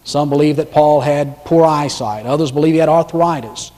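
Preacher man in a reverberant hall. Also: on the high side. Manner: dramatic swings between loud emphasis and hushed, slow delivery. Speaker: pastor. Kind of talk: sermon.

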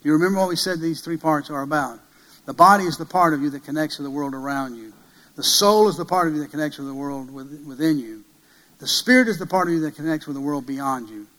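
A man preaching a sermon, emphatic, swinging from loud peaks to hushed passages and asking many rhetorical questions. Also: on the high side, quick pace, poor audio.

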